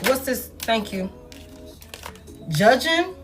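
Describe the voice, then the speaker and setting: A woman's voice: on the high side, big pitch swings, drawn-out words. A woman doing a tarot reading for her viewers in casual, blunt, profane talk, calling them y'all. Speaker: tarot reader. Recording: soft music in the background.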